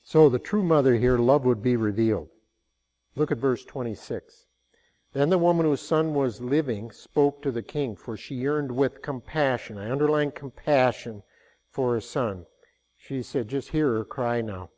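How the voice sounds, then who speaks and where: A man's voice: medium pitch, measured pace, warm tone. An older man preaching a sermon, telling stories in a folksy way and rising into emphatic passages.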